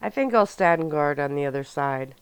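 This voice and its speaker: A woman voicing a calm, protective young werewolf man in a soft-spoken ASMR audiobook reading. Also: sits low, moderate pace, smooth, no room sound. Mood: gentle. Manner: calm, caring, quietly serious.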